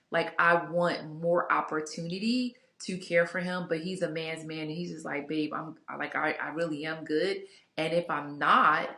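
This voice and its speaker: A woman's voice: on the low side, a bit bright. A woman talking candidly to her viewers about her relationship, chatty and open, with frequent asides and fillers. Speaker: vlogger sharing a couples Bible study. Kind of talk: casual reflective talk to camera. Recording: echoey room.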